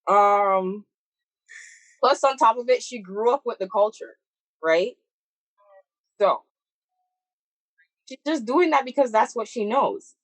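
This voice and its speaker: A young woman, co-hosting a casual podcast chat in an animated, opinionated, slangy way. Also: a little high, slow, long pauses, no room sound, poor audio. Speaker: podcast co-host.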